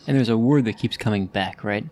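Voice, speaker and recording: A man co-hosting a casual podcast, adding brief quick prompts and remarks. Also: lowish voice, a little mellow. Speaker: podcast co-host.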